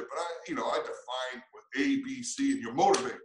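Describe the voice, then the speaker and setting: A man's voice: medium pitch, brisk, reverberant, background noise. A man who coaches, answering interview questions in an earnest, reflective way with frequent restarts.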